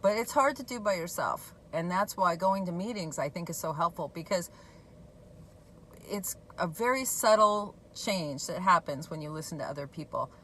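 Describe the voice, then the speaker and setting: A woman talking candidly and conversationally about her own recovery, sharing a personal story in a relaxed way. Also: fairly low pitch, moderate pace, a little hiss or hum, rough recording. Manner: candid, conversational, laughs at herself. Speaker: recovery blogger. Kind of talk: personal testimony talk.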